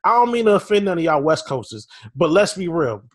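Animated ranting podcast man. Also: fairly high pitch, a little fast. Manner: animated, mock-furious ranting. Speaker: podcast co-host. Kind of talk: casual podcast chat.

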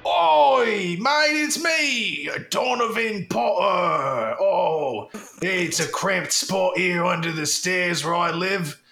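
A man voicing a boastful boy wizard who lives under the stairs, in a put-on British accent that slides into Australian, with a loud, hammy delivery. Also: sits high, expressive, slow pace, creaky, hardly any pauses, music in the background, full character voice. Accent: put-on British slipping to Australian. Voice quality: exaggerated, wavering put-on accent. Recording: roomy echo.

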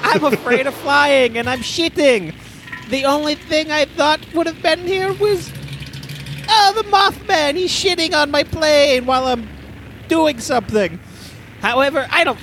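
High-voiced man riffing crude comedy. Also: a bit bright, a little hiss or hum. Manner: rambling, crude, laughing at his own jokes.

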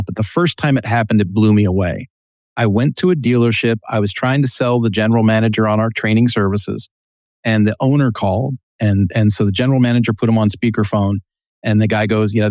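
A man on a podcast tells business anecdotes with animation, acting out the lines of the people in his stories. His voice sits on the low side, and the recording is dry and close. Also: no echo. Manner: storytelling, animated, acts out quotes. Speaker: podcast guest, business trainer. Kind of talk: casual podcast interview.

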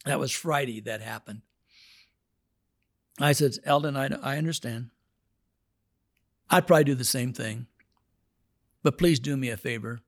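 A man's voice: medium pitch, a little slow, long pauses, dry recording, clean studio sound. A man, a pastor, telling a story in a sermon and acting out the people in it.

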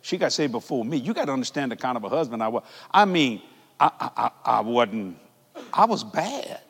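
A man preaching a televised sermon in a large church, fervent, with folksy grammar and shouting peaks. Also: medium pitch, big pitch swings, fairly quick, husky, in a large hall.

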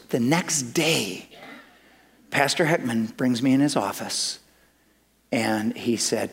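A man's voice: mid-range voice, unhurried. A man preaching in a church, telling a personal story with humor and acting out the dialogue. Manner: animated, acts out dialogue with humor. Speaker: pastor. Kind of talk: sermon storytelling.

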